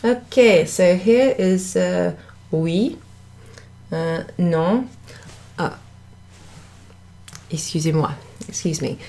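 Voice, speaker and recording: A woman's voice: on the low side, extremely slow, vocal fry, long pauses, mellow, slight background noise. A woman teaching a beginner French lesson in a chatty way, correcting herself and laughing at her own slips. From United Kingdom. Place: indoor room at a pub.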